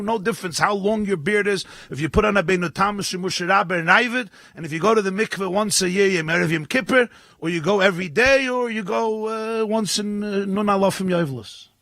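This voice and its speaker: A man, a rabbi, giving a lively sermon at a live gathering, telling stories and acting out the voices in them. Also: sits high, a little fast, creaky, no room sound. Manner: animated storytelling, acting out voices, rising to shouts. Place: live event with an audience.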